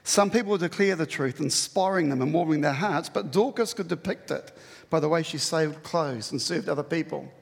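A man's voice: fairly high pitch, normal speed, gravelly, slightly rough, big-room sound. A man preaching a sermon to his church, conversational and emphatic, often acting out what people say. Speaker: pastor.

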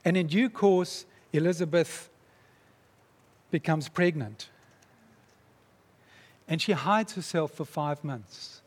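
A man preaching, retelling a story in a dramatic, animated way. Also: fairly high pitch, takes it slowly, long pauses. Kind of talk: sermon storytelling. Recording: long reverb in a large hall.

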